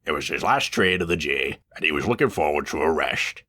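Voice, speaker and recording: A man reading a storybook aloud with lively, expressive narration. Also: extremely low pitch, fairly quick.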